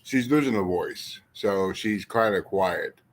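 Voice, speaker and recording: A deep-voiced man speaks slowly during a casual livestream, rambling and swearing freely as he talks to viewers. He comes across as animated while addressing chat.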